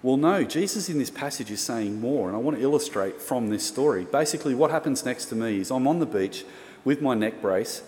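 A man's voice: medium pitch, expressive, fairly quick, darkish tone. An Australian man preaching, telling a personal story in a casual, chatty way with self-mocking humour. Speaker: pastor. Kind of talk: storytelling sermon. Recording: reverberant hall, faint room noise.

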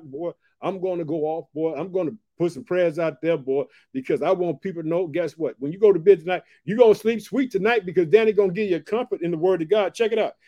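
A man with a high voice gives a fervent, casual late-night Bible teaching. He keeps turning to his listeners to ask if they caught what he said. When he reads the verses, he slows to a deliberate pace. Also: warm tone, highs cut off. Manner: fervent and repetitive, often asking listeners if they heard; reads scripture slower and more deliberately.

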